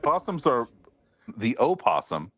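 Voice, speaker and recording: A man's voice: medium pitch, very animated, a little slow, a bit bright, slightly rough. A man from Alaska co-hosting a podcast in casual banter, blunt and swearing, rattling off nerdy animal facts. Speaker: podcast co-host.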